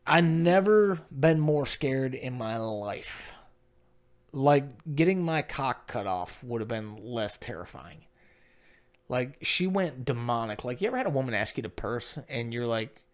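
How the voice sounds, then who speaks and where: A man telling a funny story in a casual, foul-mouthed way, jumping into loud voices when he quotes people. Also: medium pitch, moderate pace. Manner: animated, profane, swings into loud quoted voices. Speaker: comedic storyteller.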